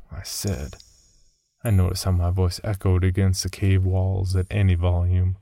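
A man reading a first-person horror story aloud in a measured, somber scripted narration. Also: low voice, level tone, vocal fry, mellow, no room sound.

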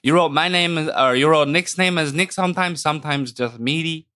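Man co-host, higher voice, mock-serious teasing. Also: brisk, sharp tone. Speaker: podcast co-host. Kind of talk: comedic podcast banter.

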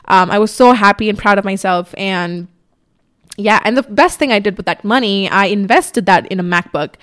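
A woman's voice: mid-range voice, moderate pace, a bit bright. Chatty young woman telling candid stories. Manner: candid, chatty, swears freely, mock voices in quotes. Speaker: podcast host. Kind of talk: casual storytelling chat. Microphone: camera on a tripod in front of her.

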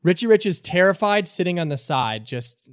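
A man's voice: high voice, animated, normal speed, clear, resonant tone, no room sound, studio quality. A man narrating as game master in a tabletop role-playing game, loose and full of fillers.

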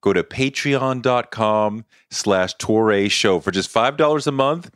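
A man hosting a podcast, introducing his guest and the episode in an earnest, measured way. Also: on the low side, a bit bright, clean tone, no echo, studio quality. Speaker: podcast host. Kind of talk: scripted introduction and interviewing.

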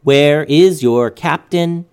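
A stern storybook robot, as a man voices him; slow, measured, commanding. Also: a little high, darkish tone, smooth, voice pushed up. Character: calm, commanding male robot.

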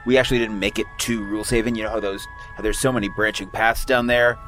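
A man's voice: lowish voice, steady tone, fast talker, fairly bright tone, faint music behind. A man role-playing in a tabletop game, rambling and hesitant. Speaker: player. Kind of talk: in-character tabletop play.

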